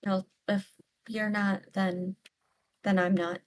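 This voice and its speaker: A woman player in a tabletop game, speaking in character. Her voice sits in an ordinary middle pitch, soft-spoken with hesitant pauses and restarts. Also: little pitch movement. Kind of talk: in-character tabletop role-play.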